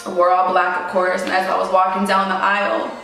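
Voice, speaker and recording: A woman's voice: medium pitch, completely flat delivery, brisk, gravelly, fairly bright tone. A young woman telling a painful personal story in casual slang, choked up and close to tears. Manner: casual slangy talk full of "like" and "yo". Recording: very echoey and distant, played back over a speaker, faint music.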